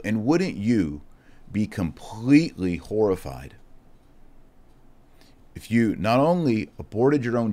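Earnest low-voiced Catholic man preaching. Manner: earnest, emphatic, swings from loud urging to hushed reflection. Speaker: Catholic speaker. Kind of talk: impassioned exhortation and storytelling.

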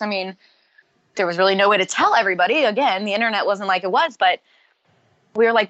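A woman telling personal stories as a guest in a casual interview, lively and often laughing. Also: mid-range voice, quick pace, no room sound, highs cut off.

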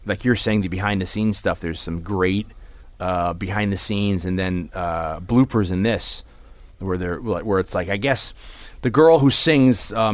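A man co-hosting a podcast, chatting casually and rambling with many fillers and restarts. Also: lowish voice. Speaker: podcast co-host. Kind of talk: casual chat.

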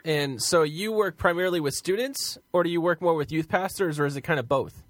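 A man's voice: on the high side, a little fast, no echo. A man hosting a talk radio show, speaking in a friendly, promotional way.

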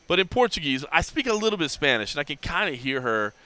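A middle-aged man with a fairly high-pitched voice talks fast while hosting a podcast. In casual chat he tells an animated story, acting out what people said and leaning heavily on "like."

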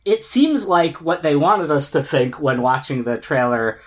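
A man's voice: a little high, sing-song, unhurried. A man co-hosting a casual pop-culture chat, rambling and laughing often. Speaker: podcast co-host.

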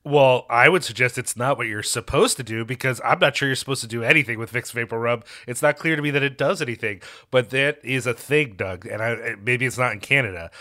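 A man with a bright, forceful voice co-hosts a casual podcast. He talks in an exasperated, emphatic way and swears freely as he makes his points. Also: medium pitch, brisk, few pauses. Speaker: podcast co-host. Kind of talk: casual chat.

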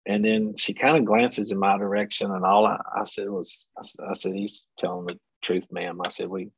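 A man's voice: lowish voice, flat delivery, fairly quick, slightly rough, no echo, low-quality recording. A man telling a travel story as a podcast guest, acting out the people he quotes. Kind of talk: casual storytelling.

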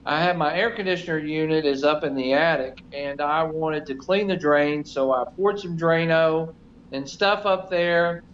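A man's voice: a little high, fairly even intonation, normal speed. A middle-aged man telling a self-deprecating story in casual chat, rambling with many fillers. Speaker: show regular. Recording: slightly dull, faint noise.

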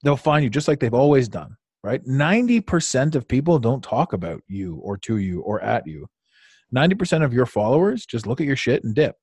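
A man's voice: medium pitch, sing-song, a little fast, a little mellow, slightly rough, no echo. A male podcast host with an ordinary mid-range voice, recorded close and dry. He talks loosely and at length, swearing, laughing and restarting his sentences as he goes. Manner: rambling and profane, with lots of restarts and laughter. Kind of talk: casual conversational interview.

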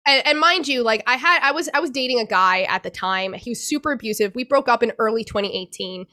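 A young woman recounting a painful personal ordeal as an interview guest, emotional and halting, with many restarts and some swearing. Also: fairly high pitch, pushed and bright. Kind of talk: personal account in a podcast interview.

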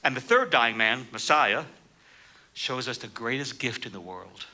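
A man preaching a sermon, reading scripture and explaining it, lifting his voice sharply for quoted lines. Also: a little slow. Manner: animated, raises pitch for quoted speakers.

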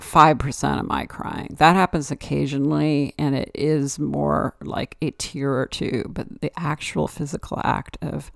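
Podcast host, woman, musing solo monologue, gravelly voice, dry close mic. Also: low voice, fairly even intonation, unhurried, few pauses, dry recording. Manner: rambling and reflective, with many "like" and "you know" fillers.

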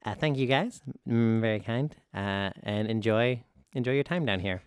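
A man at a tabletop game voicing his character politely, with some hesitation. His voice is clear, and the sound is dry and close. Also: on the low side, moderate pace, no room sound. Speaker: player.

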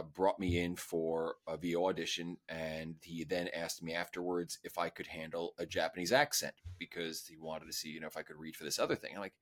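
A man hosting a casual interview podcast, joking and laughing often. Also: sits low. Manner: jokey, laughs often, lively delivery. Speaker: podcast host.

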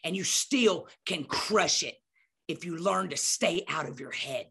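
A woman's voice: on the low side, animated, measured pace, creaky, fairly bright tone, husky. A middle-aged woman telling a story with emphatic, preacherly energy, acting out scenes as she goes. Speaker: podcast guest speaker. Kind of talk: animated storytelling.

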